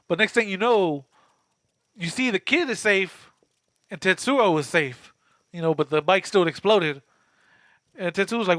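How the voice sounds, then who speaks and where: A man's voice: sits high, moderate pace, pushed and bright, dry recording, studio quality. A man co-hosting a movie podcast, recapping scenes in slangy, profane casual chat and reading a plot summary. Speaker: podcast co-host.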